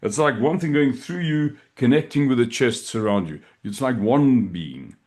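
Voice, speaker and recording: A middle-aged man, a shaikh, speaking slowly and softly as he leads a guided meditation and dhikr. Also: mid-range voice. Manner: slow, soft-spoken, calm guiding voice.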